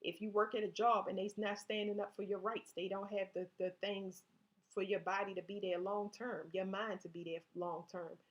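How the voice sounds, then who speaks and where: A woman's voice: medium pitch, flat delivery, normal speed, dull audio. A woman giving a casual tarot reading, talking straight to her viewers, reading card text aloud and often restarting her sentences. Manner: conversational, restarts often, speaks directly to viewers. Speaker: tarot reader.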